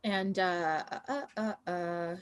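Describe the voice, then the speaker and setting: A woman's voice: fairly low pitch, fairly even intonation, slow, smooth. A woman co-hosting a casual reaction chat, gushing, with loose fillers and casual swearing. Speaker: co-host.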